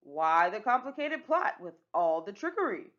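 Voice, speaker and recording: A woman's voice: mid-range voice, big pitch swings, normal speed, a bit bright, lo-fi sound. A woman voicing an eager, rule-following young girl in a storybook, earnest and chirpy.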